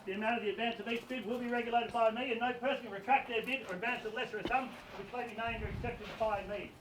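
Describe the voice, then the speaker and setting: A man's voice: extremely high pitch, steady tone, fast, noisy background. A man working as an auctioneer, projecting to a crowd outdoors as he reads out contract terms and auction conditions. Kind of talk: formal auction address. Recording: distant and roomy, picked up from afar.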